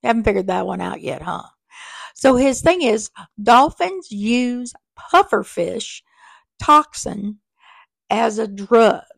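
A woman's voice: fairly high pitch, expressive, slow pace, gravelly, no room sound, clean studio sound. A woman hosting a podcast in casual, rambling chat, full of asides, recorded on a small mic in a crowded little office. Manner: chatty and rambling, with many fillers and asides. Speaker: podcast host. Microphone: small microphone.

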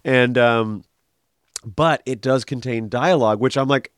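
A chatty man co-hosts a podcast and gives his views freely, padding his talk with fillers. His voice sits at a middle pitch. The recording is close and dry, with no room sound. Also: a little slow, smooth, dry recording. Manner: chatty, opinionated, many fillers. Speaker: podcast co-host. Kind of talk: casual chat.

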